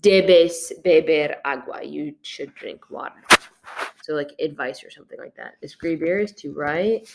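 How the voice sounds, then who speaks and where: A woman's voice: low-pitched, fairly bright tone, a little hiss or hum. A young woman teaching a video lesson, going over her class notes in a casual, chatty way with plenty of fillers. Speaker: Spanish teacher. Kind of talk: recorded classroom lesson walkthrough.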